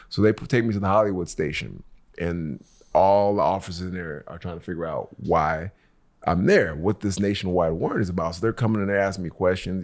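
A man telling a long story in a casual chat, animated, swearing freely and acting out what people said. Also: low voice, a little fast. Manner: animated, swearing, acts out dialogue. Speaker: guest storyteller. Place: Los Angeles.

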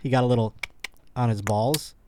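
A man's voice: mid-range voice, steady tone, normal speed, warm tone, a little hiss or hum. Crude joking podcast host, a man. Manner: crude, rambling, jokey. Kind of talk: casual comedic chat.

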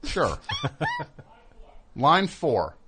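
A man's voice: mid-range voice, wildly swooping pitch, extremely slow, sharp tone, a little hiss or hum. A man hosting a comedic radio show, teasing his guests and callers with jokes and stumbling restarts. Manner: joking, teasing, stammering restarts. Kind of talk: casual comedic radio banter.

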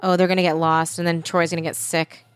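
A woman's voice: lowish voice, level tone, fast talker, clean tone, no echo, faint music behind. Woman, casual watch-along chat, reactive, groaning, dry close sound. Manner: chatty, reactive, full of groans and laughs. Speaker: co-host watching a film.

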